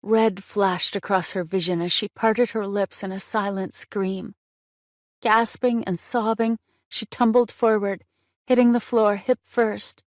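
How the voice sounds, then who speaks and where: A woman narrating a romance audiobook in a measured, expressive reading on a close mic. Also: medium pitch, no room sound.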